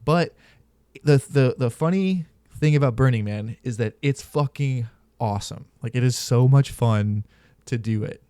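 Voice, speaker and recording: A man's voice: medium pitch, unhurried, mellow, smooth, no echo. A man hosting a podcast, telling stories in casual, candid and profane chat. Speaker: podcast host.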